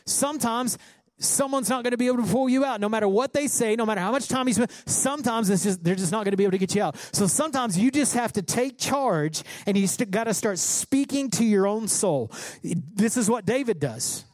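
A male pastor preaching a sermon with passion, climbing toward shouts as he quotes scripture. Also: high-pitched, lively intonation, a little fast, dry recording. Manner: impassioned preaching, rising to near-shouts when quoting scripture.

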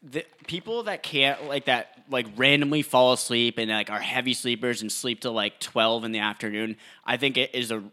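Young man, podcast co-host, rambling crude banter, frequent laughs, bright voice. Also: mid-range voice, moderate pace, few pauses. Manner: rambling, laughing often, restarting sentences.

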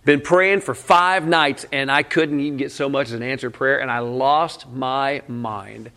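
A man's voice: mid-range voice, fairly even intonation, a little slow, pushed and bright. A man preaching a conversational sermon in a candid, casual way, often saying "man" and breaking into short laughs. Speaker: pastor.

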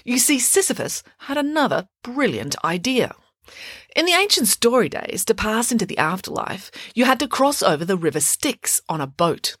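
A woman's voice: on the high side, very animated, moderate pace, a bit bright, breathy edge, dry recording, clean studio sound. A woman narrating a children's myth retelling with playful asides, as host of a story show.

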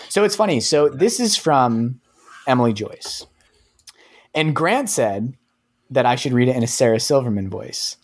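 A man's voice: mid-range voice, animated, unhurried. A man from New Hampshire co-hosting a podcast, chatting casually and laughing easily. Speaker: podcast co-host. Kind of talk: casual chat.

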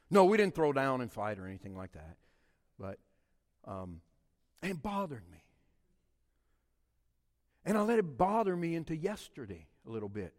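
Pastor, high lively voice ranging from hushed to shouting, long hall reverb. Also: male voice. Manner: animated, swinging from hushed to shouting. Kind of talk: sermon.

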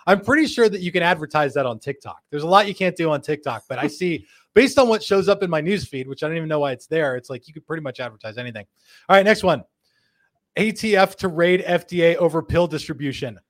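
A man's voice: fairly high pitch, lively intonation. Joking man hosting a live show. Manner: joking, laughs often, puts on quick voices for quotes. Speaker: host. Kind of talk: live show, reading viewer comments.

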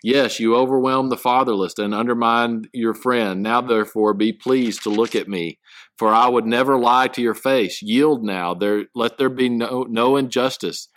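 A man's voice: medium pitch, steady tone, fairly bright tone, no room sound. Man teaching a casual Bible study. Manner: reads scripture aloud then explains it in halting casual speech.

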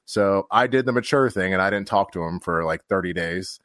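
A man's voice: low voice, fairly quick, few pauses, fairly bright tone, dry recording, clean studio sound. A man, a fire officer and podcast guest, telling a candid story in casual conversation and acting out the quotes, with casual swearing.

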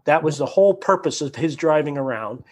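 A man from Canada talks as a guest, telling his story with lively energy. His voice sits a touch high for a man, and he keeps acting out other people's lines while circling back over his own words. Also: a little fast. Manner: animated storyteller who acts out quotes and repeats words. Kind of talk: storytelling conversation.

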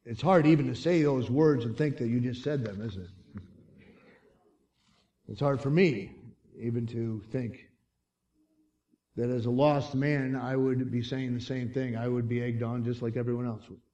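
A man preaching a sermon, telling the story dramatically and swinging from hushed lines to shouts. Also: medium pitch, fairly even intonation, moderate pace, long pauses, distant mic, dull audio.

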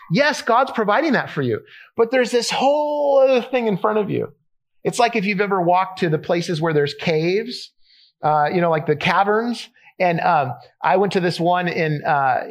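A man preaching a sermon in a casual, conversational way, telling a personal story with many fillers and restarts. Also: high-pitched. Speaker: pastor.

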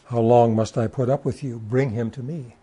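Preacher man with a dark, husky voice. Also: medium pitch, steady tone, moderate pace. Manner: occasional stammered restarts. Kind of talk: sermon reading and expounding scripture.

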